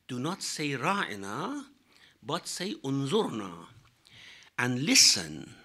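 A man explaining scripture in a lecture, measured and halting, with frequent fillers and pauses. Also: fairly high pitch, pushed and bright. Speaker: religious teacher.

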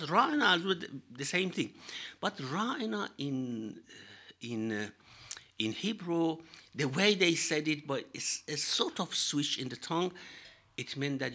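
Bright-voiced man teaching scripture. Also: fairly high pitch. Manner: measured, with Arabic recitation and frequent pauses and fillers. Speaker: religious teacher. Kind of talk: explaining scripture in a lecture.

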